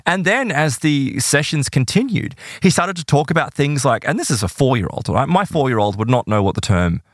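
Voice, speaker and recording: Recounting a case in a relaxed podcast chat, a male guest talks briskly with lively, swooping intonation. He leaps into the voices of the people he quotes with big pitch jumps. The recording is dry and close.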